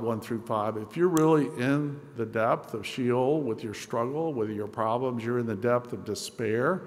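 A man preaching a sermon as the pastor, telling a story earnestly and dropping to a hushed voice at tender moments. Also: medium pitch, in a large hall.

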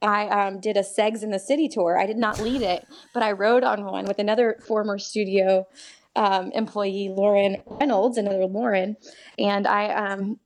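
Chatty theatre woman from texas, bubbly, mid-pitch voice, laughing a lot on a call. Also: fairly even intonation, moderate pace. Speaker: theatre actor, guest. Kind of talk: casual chat. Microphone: remote call.

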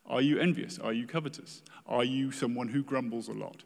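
A man's voice: mid-range voice, moderate pace, creaky, hardly any pauses. A man preaching a sermon in an earnest way, acting out the complaints of the people he quotes. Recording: reverberant hall.

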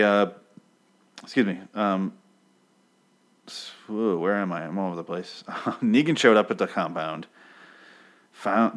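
A man's voice: sits low, a bit bright. A young man casually recapping a TV episode off the cuff, rambling, swearing freely and losing track of names. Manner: rambling, profane, loses his place.

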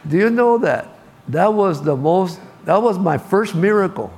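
Gravelly older man preaching. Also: high-pitched, lively intonation, a little slow, a little mellow, faint music behind. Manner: storytelling, repeats key lines for emphasis. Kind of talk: sermon.

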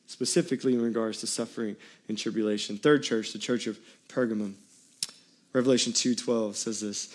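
A man's voice: medium pitch, darkish tone. A man preaching a sermon as pastor, reading scripture and pressing points on the congregation with direct questions.

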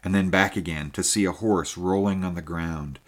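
A man narrating a story in a measured, steady reading. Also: low voice. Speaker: audiobook narrator. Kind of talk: scripted narration.

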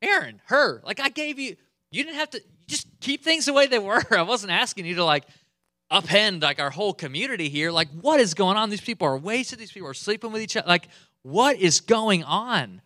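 A man's voice: sits high, fast, hardly any pauses, bright, forceful tone, voice pushed up. A pastor voicing an angry, exasperated leader ranting at his people. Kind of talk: sermon storytelling.

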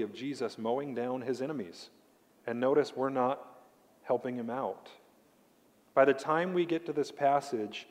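A man delivers a sermon as pastor in an everyday mid-range voice. He is emphatic, slows down to lean on key words and questions his listeners directly. His voice carries a long reverb from a large church hall. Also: medium pitch, darkish tone. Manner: emphatic preaching, slowing down to stress key words; addresses the congregation directly with questions.

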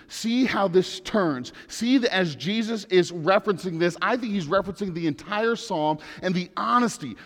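A man preaching a sermon in an earnest way, rising to loud pleading and dropping to hushed lines. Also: fairly high pitch, normal speed, in a large hall. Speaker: pastor.

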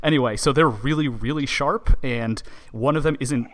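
A man co-hosting a casual podcast, talking in a relaxed, rambling way with plenty of fillers. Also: mid-range voice, normal speed. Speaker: podcast co-host.

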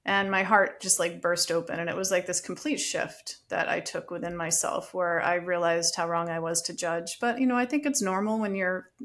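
Earnest, reflective woman with a lowish voice. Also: moderate pace, few pauses. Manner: earnest, reflective, animated telling. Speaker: guest. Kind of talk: conversational podcast storytelling.

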